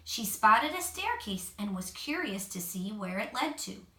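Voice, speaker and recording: A mother reading a picture book aloud to her child at home, expressive, with gentle asides. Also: mid-range voice, unhurried. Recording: echoey room, mic at a distance.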